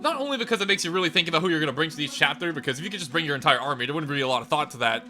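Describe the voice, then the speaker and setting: Chatty young guy doing game commentary, slightly high voice, music playing. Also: lively intonation, racing, pushed and bright. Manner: chatty, self-deprecating, laughs at his own slips. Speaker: let's play host. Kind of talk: gameplay commentary.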